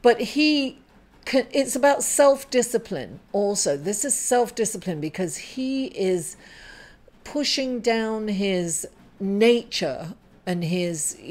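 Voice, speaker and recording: A woman's voice: mid-range voice, darkish tone. A middle-aged woman giving an upbeat, encouraging tarot reading, affectionately calling the listener darling. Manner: effusive, calls listener darling. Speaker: tarot reader.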